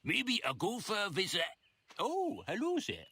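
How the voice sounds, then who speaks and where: A man's voice: high-pitched, wildly swooping pitch, measured pace, sharp tone, husky, exaggerated voice. An actor playing an eccentric one-eyed camp handyman in a game, with a mock German accent and stiff formal phrasing. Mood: fussy.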